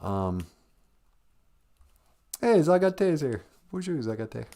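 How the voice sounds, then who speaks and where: A man hosting a live stream, talking casually about grief with gentle, self-deprecating humor while holding back tears. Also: on the high side, big pitch swings, takes it slowly. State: close to tears.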